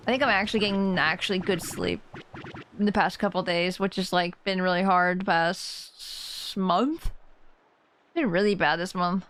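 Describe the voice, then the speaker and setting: A woman's voice: medium pitch, normal speed, fairly bright tone, faint music behind. A woman streamer chatting casually while she plays a game, rambling and laughing often.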